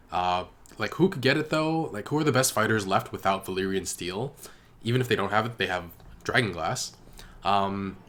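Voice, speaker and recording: A man's voice: lowish voice, a bit bright. A young man hosting a reaction video, chatting casually and rambling with lots of fillers. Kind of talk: casual chat to camera.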